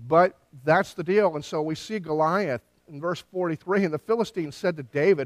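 A pastor preaches a sermon at a moderate pace, his voice slightly higher than most men's and recorded dry and close with no room sound. He tells the story with animated energy and briefly acts out the quoted lines.

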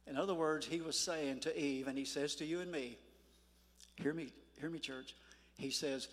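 An older man preaching a sermon in a church, folksy and emphatic, slowing down to stress words. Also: sits high, fairly bright tone. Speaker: pastor. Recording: echoey church hall.

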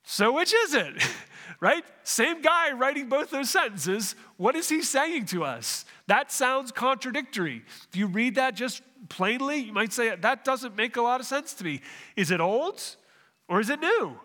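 Bright high-voiced man preaching. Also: big pitch swings, unhurried, long reverb tail. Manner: restarts phrases, asks the congregation questions. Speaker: pastor. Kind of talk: sermon.

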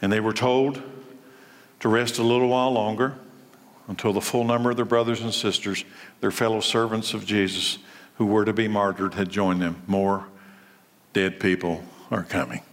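Preacher in a reverberant hall. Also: male voice, lowish voice, normal speed. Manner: lively preaching, swings from loud to soft. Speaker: pastor. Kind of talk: sermon.

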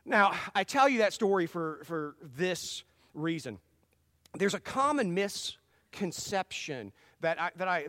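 A man's voice: high voice, a bit bright, dry recording, studio quality, long reverb tail. A man preaching a sermon in a folksy, conversational way, telling stories with frequent restarts. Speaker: pastor.

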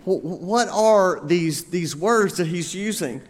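A man's voice: high voice, lively intonation, measured pace, pitched above the performer's own voice. A man voicing a worried mother who soothes her daughter and stammers as she coaxes. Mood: soothing. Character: worried, coaxing mother of a bride. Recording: long reverb of a large hall.

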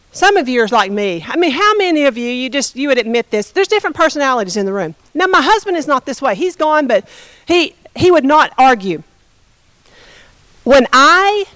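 A woman's voice: high-pitched, fairly bright tone, dry recording, low-quality recording. A woman pastor giving a conversational sermon, often asking the congregation questions.

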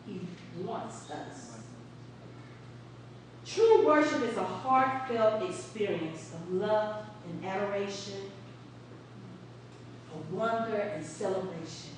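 Woman preacher, chatty storytelling sermon with questions to the room, high voice heard from afar in a reverberant sanctuary with faint hiss. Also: lively intonation, slow pace, recorded from a distance. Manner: storytelling, asks the congregation questions, laughs often. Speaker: preacher addressing a congregation. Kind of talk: conversational sermon. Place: church sanctuary.

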